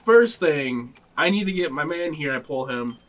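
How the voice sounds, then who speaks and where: A man playing a character in a tabletop game, his voice bright and a little high. He talks in a relaxed, offhand way. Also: normal speed. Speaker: player. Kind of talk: casual in-character play.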